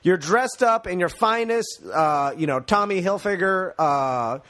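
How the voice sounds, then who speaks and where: A man co-hosting a casual radio call-in show, asking questions with many pauses and fillers. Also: high-pitched, expressive, fairly bright tone. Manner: hesitant, filler-heavy questioning.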